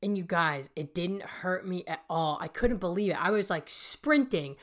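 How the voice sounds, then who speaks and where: Speaking at a normal speed with hardly any pauses, this woman in her thirties has a fairly low, fairly bright voice. She hosts a podcast as a healing coach, earnestly sharing a personal story and addressing listeners as "you guys."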